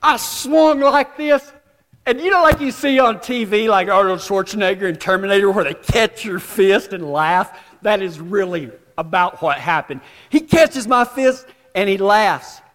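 A man preaching a storytelling sermon, folksy and self-deprecating, with dramatic pauses. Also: sits high, animated, a bit bright. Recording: long hall reverb.

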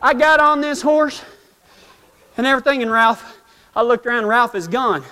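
A man's voice: very high-pitched, normal speed, sharp tone. A man telling a humorous, self-mocking story in folksy rural speech to a live audience. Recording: long hall reverb.

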